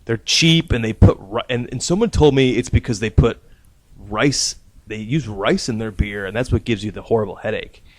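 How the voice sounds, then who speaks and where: A man's voice: fairly low pitch, normal speed. A man hosting a casual podcast, telling a rambling, profane anecdote and laughing at his own story. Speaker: podcast host.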